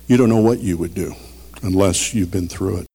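A middle-aged man preaching a sermon, earnest and storytelling, swinging between loud emphasis and quiet. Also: sits low, moderate pace, slightly rough, soft background music. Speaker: pastor. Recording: long reverb of a large hall.

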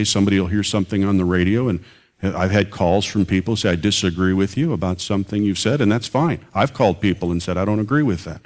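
Deep-voiced earnest male preacher. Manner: earnest, builds to emphatic peaks. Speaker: pastor and radio preacher. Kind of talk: sermon.

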